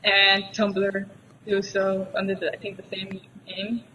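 A woman's voice: mid-range voice, completely flat delivery, unhurried, sharp tone. A woman, a guest on a podcast, talking casually and eagerly about a TV show she loved. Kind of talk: casual chat. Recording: distant mic with faint background noise.

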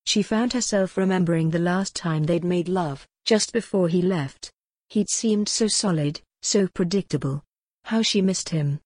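A woman narrating a story as an audiobook in a calm, measured way. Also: on the low side, dry recording.

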